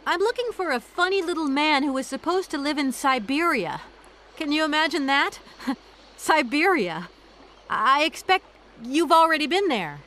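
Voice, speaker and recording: A woman's voice: sits high, expressive, moderate pace, pushed and bright, a little hiss or hum. An actress playing a polite woman lawyer with dry wit in a game. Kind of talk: game voice acting.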